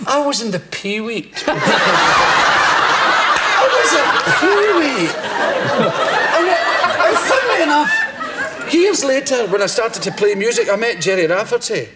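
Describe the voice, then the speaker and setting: A Scottish man on a TV chat show, telling funny stories with a fairly high, lively voice that swoops up and down. He keeps laughing through his own lines while a studio audience roars in the background. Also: normal speed, over a noisy crowd, heavy background noise. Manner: laughs often mid-sentence, animated. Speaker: talk show guest. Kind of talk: comic storytelling anecdotes.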